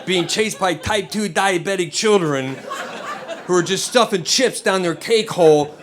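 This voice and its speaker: A man's voice: high voice, unhurried, background noise. A middle-aged American man performing a stand-up set on a comedy club stage, telling blunt, rambling stories with restarts. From United States.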